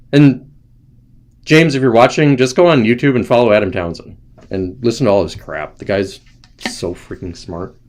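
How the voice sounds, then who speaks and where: Profane ranting male livestream host. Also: mid-range voice. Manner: profane, ranting, addresses chat viewers by name.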